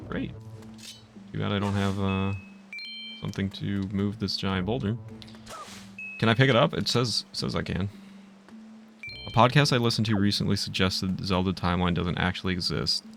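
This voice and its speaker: A man's voice: on the low side, fairly even intonation, normal speed, creaky, long pauses, a bit bright, soft background music. A man streaming a video game live, chatting and rambling casually with viewers.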